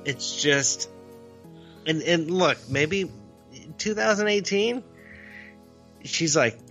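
Man, podcast co-host, bright tone, earnest emphatic chat, faint music underneath. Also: a little high, very animated, slow pace, pauses often. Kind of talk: casual chat.

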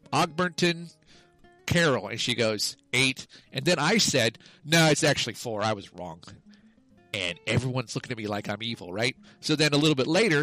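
A man at an ordinary middle pitch spins a long, rambling anecdote on a casual podcast. He stumbles, restarts and corrects himself, chuckling at his own slips. Faint music plays softly behind him. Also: low-quality recording. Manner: rambling, self-correcting, loses the thread and laughs at himself. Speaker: podcast co-host. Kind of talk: casual comedic storytelling.

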